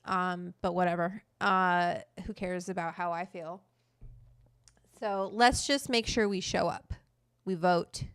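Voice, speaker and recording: Middle-aged woman host, smooth and dry up close; blunt, profane, fired-up livestream chat. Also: fairly low pitch, steady tone, takes it slowly, fairly bright tone, dry recording. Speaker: cooking show host.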